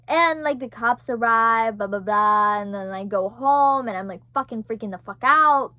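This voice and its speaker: A young woman telling a story in a casual vlog, animated and profane, with many fillers. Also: fairly high pitch, moderate pace, few pauses, dry recording. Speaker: vlogger.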